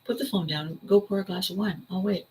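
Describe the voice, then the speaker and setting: A woman quoting her teasing, caring friend on the phone, coaxing her to slow down. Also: mid-range voice, fairly even intonation, darkish tone, slight background noise, natural voice, low-quality recording.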